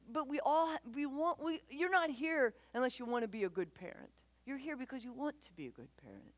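A woman giving a conversational church talk on parenting, animated and quick to act out voices, often asking the audience questions. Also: sits high, no echo. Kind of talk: conversational sermon.

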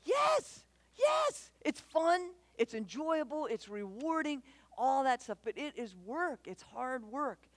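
A woman giving a conversational church talk on parenting, animated and quick to act out voices, often asking the audience questions. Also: sits high, no echo. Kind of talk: conversational sermon.

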